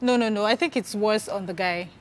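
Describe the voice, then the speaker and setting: A woman co-hosting a talk show in casual chat, quick to react, exclaim and laugh. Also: medium pitch, crowd noise.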